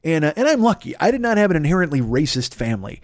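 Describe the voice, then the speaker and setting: A fast-talking podcast host with a voice on the high side rants in a relaxed, profane way. He's a middle-aged Midwesterner from Chicago, USA, and he often stumbles and starts over. The sound is dry and studio-clean.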